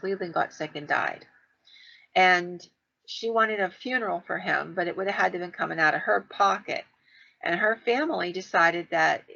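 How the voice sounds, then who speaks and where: Gravelly, bright-voiced woman telling a story. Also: fairly low pitch. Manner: chatty, winding storyteller who acts out quoted lines. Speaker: podcast co-host telling ghost stories. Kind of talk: casual storytelling on a podcast. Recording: dull, lo-fi podcast audio.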